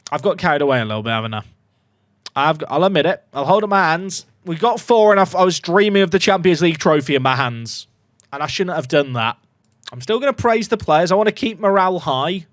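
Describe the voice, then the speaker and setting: Excitable man commentating a game. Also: a little high, a little fast, no echo, clean studio sound. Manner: excitable, jokey, reacts loudly to goals. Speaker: gaming YouTuber.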